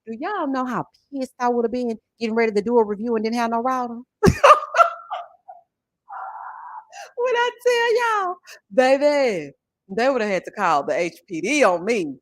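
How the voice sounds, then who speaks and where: A woman in her forties chatting on a livestream, telling an animated, expressive story and thanking viewers. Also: a little high, fairly quick, dry recording. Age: 40s. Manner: animated, expressive storytelling with chat shout-outs. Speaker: livestream host. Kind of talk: casual livestream chat and story time.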